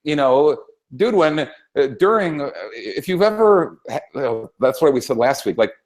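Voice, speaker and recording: A man's voice: mid-range voice, very animated, a little slow. A man co-hosting a talk show, ranting heatedly about politics with constant swearing and rambling restarts. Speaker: co-host. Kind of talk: profane political rant.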